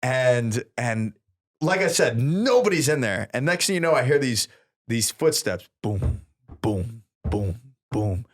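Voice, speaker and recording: A man co-hosting a podcast, telling a story in a casual, animated way and acting out the people he quotes. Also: medium pitch, a little slow. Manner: animated, acts out quoted voices with big laughs. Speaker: podcast co-host. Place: podcast studio.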